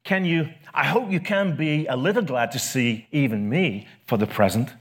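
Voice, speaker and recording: A man voicing a gentle bright spirit, a brother who speaks in a calm, coaxing way. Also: on the high side, normal speed, slightly rough. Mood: patient.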